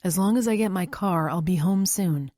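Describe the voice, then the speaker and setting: A woman's voice: lowish voice, moderate pace, dark tone, dry recording, studio quality, close to an everyday voice. A woman voicing a frustrated young father. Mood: tense, frustrated.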